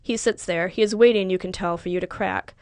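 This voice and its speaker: A woman narrating literary fiction in the second person, measured and wry. Her voice is smooth and resonant, set in a dry, close recording with no room echo. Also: mid-range voice, fairly even intonation, darkish tone. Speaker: audiobook narrator.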